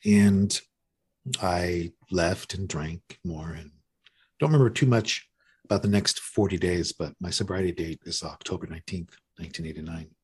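Man in his fifties, deep voice, very husky, candid recovery story, self-mocking. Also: moderate pace. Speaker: podcast guest. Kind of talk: recovery story told in casual conversation.

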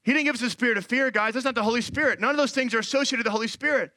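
A man in his thirties preaching a sermon as pastor, animated and acting out quoted voices. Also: extremely high pitch, racing, no echo.

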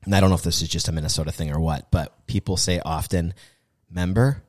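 A man's voice: low-pitched, fairly even intonation, quick pace, no echo, clean studio sound. A man hosting a podcast in casual chat, also giving an upbeat sponsor read. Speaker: podcast host.

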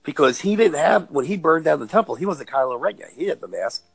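Husky guy on a podcast, wry and hesitant, pitch bouncing all over. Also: lively intonation, fast. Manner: wry, hesitant, jokey asides. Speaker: podcast co-host. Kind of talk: casual movie discussion.

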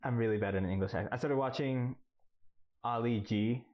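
A man co-hosting a casual podcast, blunt and quick to laugh. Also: mid-range voice, highs cut off. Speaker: podcast co-host.

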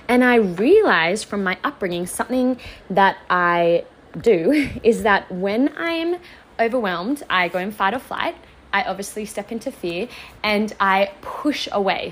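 A woman's voice: medium pitch, a little hiss or hum, poor audio. A young woman, hosting a casual faith-based podcast and talking in an earnest, open, reflective way, with many "like"s and "um"s. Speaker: podcast host.

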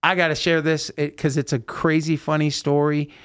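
Male podcast host, slightly higher voice, acts out quotes in casual studio storytelling. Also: normal speed, clean tone. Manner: animated storyteller acting out quotes.

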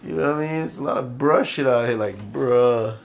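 The recording is muffled with slight background noise as a man of medium pitch hosts his own casual podcast. Profane and rambling, he rants in disbelief with drawn-out emphasis and many repeats and fillers.

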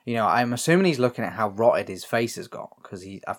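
A man's voice: lowish voice, lively intonation, fast talker. A man with a British accent casually recapping a film as podcast co-host, telling it animatedly and swearing freely. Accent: British English.

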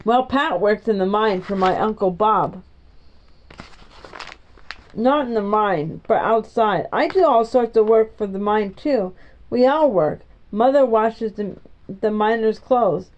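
A woman's voice: mid-range voice, slow, close to an everyday voice. Woman reading an argumentative young boy. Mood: plain. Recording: dull lo-fi recording.

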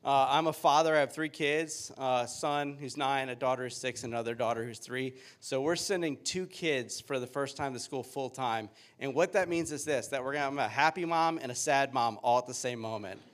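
A man's voice: medium pitch, fairly quick, few pauses. A man in his thirties, a pastor giving a sermon with upbeat, joking storytelling.

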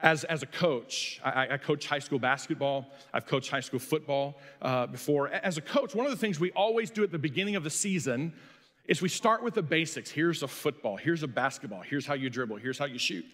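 A man's voice: fairly high pitch, lively intonation, brisk, a bit bright. A middle-aged man, a pastor and coach, preaching a sermon in a folksy, storytelling, self-deprecating way. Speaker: pastor and high school coach. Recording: long hall reverb.

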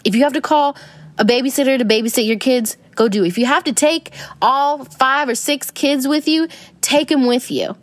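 A woman's voice: high voice, a little fast, dry recording. Chatty woman with a dry close voice. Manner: rambling, conversational, many fillers. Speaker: podcast host. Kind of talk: casual spiritual self-help talk.

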